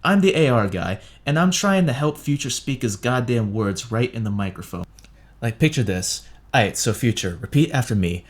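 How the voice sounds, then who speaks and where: A man's voice: lowish voice, animated, moderate pace. A man ranting through a blunt, sarcastic review of songs, swearing heavily. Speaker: music reviewer. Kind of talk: profane ranting review monologue.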